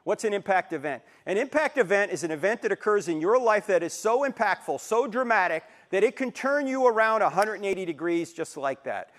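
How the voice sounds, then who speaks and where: Sixties male speaker, high and very expressive, playful storyteller lecturing live in a hall. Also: fairly quick, hardly any pauses. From New Jersey, USA. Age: 60s. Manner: animated storyteller, acts out quotes and jokes. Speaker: Christian apologetics speaker. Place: university auditorium with a live audience.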